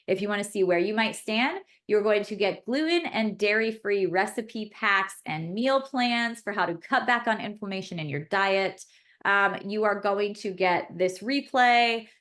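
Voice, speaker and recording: A woman's voice: medium pitch, measured pace, fairly bright tone. A woman pharmacist hosting a live webinar class, chatty and effusive as she reads the chat and answers questions aloud.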